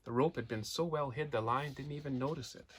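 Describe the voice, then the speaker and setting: A man reading a children's story aloud in an animated way, pointing out pictures and asking his listeners questions. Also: mid-range voice, brisk, background noise. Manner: points out pictures while telling.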